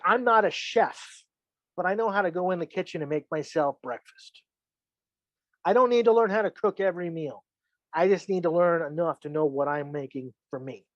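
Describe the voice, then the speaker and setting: A man's voice: a little high, no room sound. A man giving a casual filmmaking lesson, chatty and joking, acting out the reactions he imagines. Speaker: filmmaking instructor. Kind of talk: casual teaching monologue.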